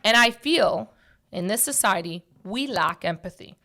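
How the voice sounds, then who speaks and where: A woman's voice: mid-range voice, lively intonation, unhurried, creaky, pushed and bright. A woman in casual podcast chat, talking emphatically and bluntly, repeating phrases for stress.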